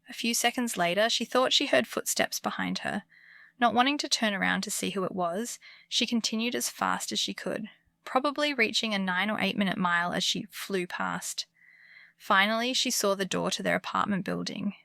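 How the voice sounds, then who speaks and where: A woman narrating true scary stories for bedtime in a calm, comforting scripted delivery. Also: medium pitch, normal speed, gravelly, no echo, studio quality. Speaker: horror story narrator.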